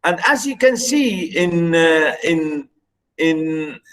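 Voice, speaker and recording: Slow, high-voiced male lecturer. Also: lively intonation, a bit bright, poor audio. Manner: halting, repeats words, counts out syllable stresses. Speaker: university lecturer. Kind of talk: online poetry lecture.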